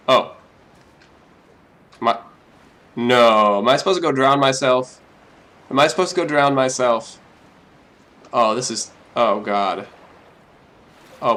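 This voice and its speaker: A man's voice: mid-range voice, a bit bright. A young man joking his way through a game as let's play commentary, talking to himself with mock drama. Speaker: gaming YouTuber.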